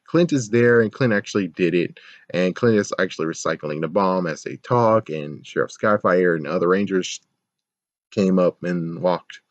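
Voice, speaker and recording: A man's voice: lowish voice, dry recording. A man giving a casual episode review, ranting sarcastically, laughing often and swearing. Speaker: show reviewer. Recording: dull, lo-fi, dry sound.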